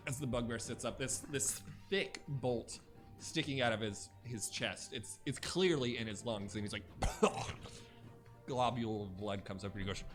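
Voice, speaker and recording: A young man narrating a tabletop game as game master, halting with many fillers. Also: medium pitch, faint music behind.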